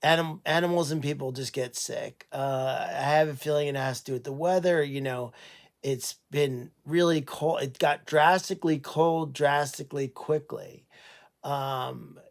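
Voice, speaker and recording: A tired man chats unhurriedly on a livestream about the animals at his sanctuary. His voice has a gravelly edge, and he speaks slowly, full of fillers and restarts. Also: mid-range voice. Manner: halting, many fillers and restarts. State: tired and unwell. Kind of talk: casual livestream chat.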